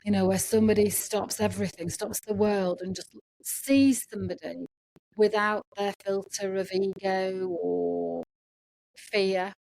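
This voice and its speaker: A woman hosting an interview, speaking in a thoughtful, measured way. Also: mid-range voice, steady tone, creaky, a little mellow. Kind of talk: conversational interview.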